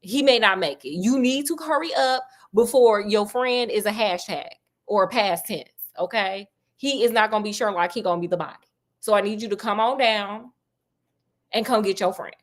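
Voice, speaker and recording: A woman's voice: medium pitch, normal speed, close to an everyday voice. A woman voicing a frantic, sassy landlady who talks urgently in slang.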